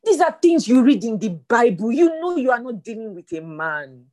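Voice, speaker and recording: A woman's voice: on the high side, sing-song, moderate pace, darkish tone, no echo. Woman preaching with dramatic emphasis. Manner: dramatic, exhortative reading with emphatic repetition. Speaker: devotional teacher. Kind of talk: Bible reading and preaching.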